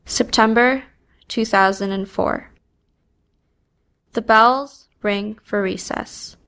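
A woman reading a first-person story aloud in a subdued, even manner. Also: mid-range voice, clean tone. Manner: slow, even, subdued delivery. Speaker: narrator.

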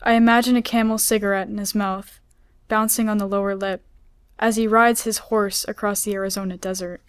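A woman author reading her own story aloud in a measured, unhurried way. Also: medium pitch, level tone, clear, resonant tone, no room sound. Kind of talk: literary reading.

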